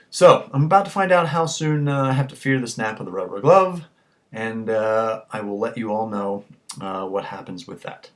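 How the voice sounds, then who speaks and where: A man's voice: fairly low pitch, expressive, moderate pace. A tipsy man talking to camera in a rambling, crude rant full of swearing. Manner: crude, ranting, swears constantly. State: tipsy from drinking. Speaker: vlogger. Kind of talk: rambling profane monologue to camera.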